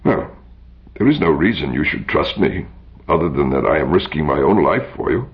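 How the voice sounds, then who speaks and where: A man's voice: extremely low pitch, expressive, moderate pace. A man reading aloud, voicing a cool, refined male dandy who speaks in a precise, insistent way. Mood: urgent. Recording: dull lo-fi recording.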